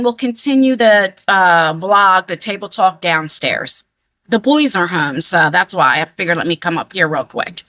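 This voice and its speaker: Lady vlogging from her attic, higher voice, rambly and emphatic, dry close sound. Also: sharp tone, dry recording. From New Jersey. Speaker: beauty vlogger. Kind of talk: casual chatty storytelling. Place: converted attic room at home.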